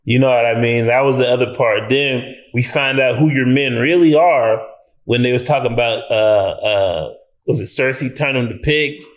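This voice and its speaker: A man's voice: medium pitch, normal speed. A man giving a casual, rambling movie review, swearing freely and laughing often. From United States. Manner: slangy, loose and rambling. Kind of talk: casual film review vlog.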